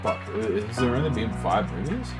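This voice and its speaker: A young man livestreaming, ranting casually to his chat in an animated, heavily profane, slangy way. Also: lowish voice, moderate pace. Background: music.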